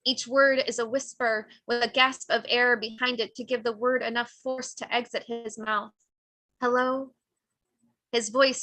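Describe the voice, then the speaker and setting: A woman author reads her memoir aloud at a cafe literature event. Her voice sits slightly high with a sharp, forceful brightness and dry, close sound. The delivery is raw and intense, surging and dropping with the feeling. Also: dry recording. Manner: intense, raw emotional delivery with swings in pace and loudness. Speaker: author reading her own work. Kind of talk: live reading of personal memoir prose.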